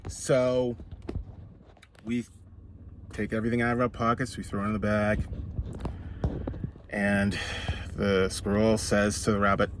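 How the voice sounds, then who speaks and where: A man telling a comic story in a casual, animated way, slowing down for dramatic effect. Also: mid-range voice, a little hiss or hum.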